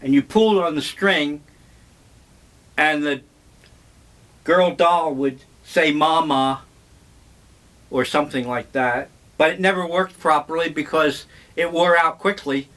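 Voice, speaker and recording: An older man talks slowly and unhurriedly, wandering from memory to memory with dry humor. His voice sits somewhat high for a man. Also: fairly bright tone. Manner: slow, rambling, wry. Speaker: vlogger. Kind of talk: casual reminiscing monologue.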